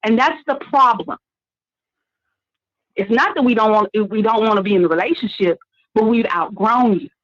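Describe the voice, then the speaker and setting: A woman calling in to a show, friendly and halting, repeating words as she makes her point. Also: on the high side, lo-fi sound. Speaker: caller. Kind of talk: call-in show chat.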